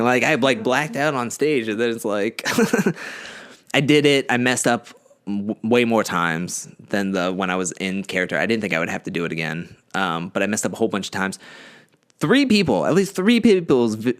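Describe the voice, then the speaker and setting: A young man, a podcast co-host, rambling through a casual story and acting out quotes as he goes. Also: mid-range voice. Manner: rambling, animated retelling with acted-out quotes.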